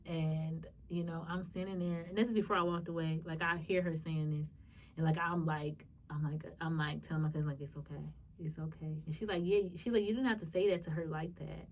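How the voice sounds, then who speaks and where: A young woman, hosting a podcast and telling a personal story in a lively, animated way. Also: on the low side, quick pace, hardly any pauses, far from the mic. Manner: lively, animated retelling with acted-out quotes and laughs. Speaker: podcast host. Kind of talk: casual storytelling monologue.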